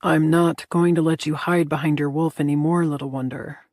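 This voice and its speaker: A woman voicing a commanding alpha man who speaks low, firm and insistent. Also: steady tone, normal speed, a little mellow, no room sound, studio quality. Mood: stern.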